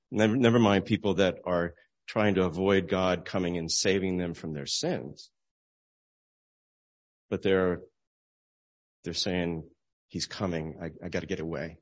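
A man giving an informal sermon, talking conversationally and retelling a story with voiced dialogue. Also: low-pitched. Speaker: preacher.

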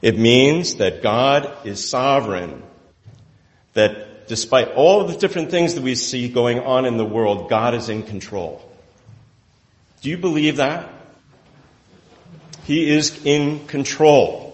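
A male pastor preaching with lively, animated storytelling and frequent chuckles. His voice sits at an ordinary pitch for a man and carries a long reverb tail, like a large church sanctuary. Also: slow, pauses often. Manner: animated storytelling, often laughing. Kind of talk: sermon.

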